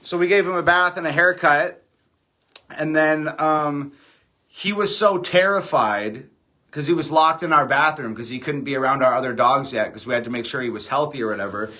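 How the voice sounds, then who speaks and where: A man's voice: on the high side, normal speed, pushed and bright. A man chatting casually on a livestream, rambling and candid with frequent fillers and the odd curse word. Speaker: livestream host.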